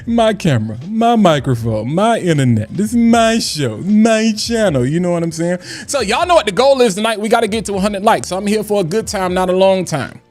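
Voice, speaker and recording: A man hosting a casual livestream chat, loud and playful, shouting out people in the chat and often asking "you know what I'm saying". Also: high voice, fairly quick, faint music behind. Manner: hype, animated, shouts out chat names; loud, playful, breaks into singing and scatting. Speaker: livestream host.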